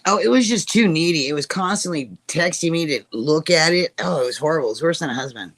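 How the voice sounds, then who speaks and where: A woman's voice: low-pitched, expressive, fast. A woman streaming live, chatting casually and joking as she greets viewers by name. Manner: jokey, rambling, greets chat by name.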